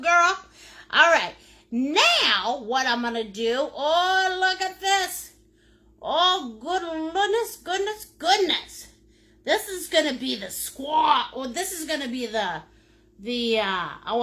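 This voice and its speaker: A middle-aged woman runs a live painting lesson, with a voice that swoops widely and sits high. She is playful and silly, greets viewers by name and laughs often, and she talks at a relaxed, slow pace. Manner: laughs often while talking. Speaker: painting instructor.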